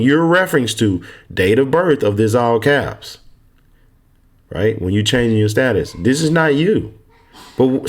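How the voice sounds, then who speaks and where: A man's voice: on the low side, a little mellow, slightly rough. A man from Texas casually walking viewers through a form, confident and emphatic, often repeating himself. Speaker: online course mentor. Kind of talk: casual screen walkthrough lesson.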